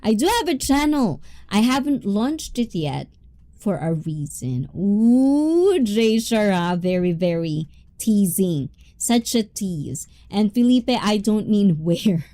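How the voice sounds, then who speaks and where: A woman's voice: medium pitch, very animated, slow pace, warm tone. A young woman hosting a casual livestream, chatting, laughing often and reading viewers' comments aloud. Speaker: livestream host reading chat.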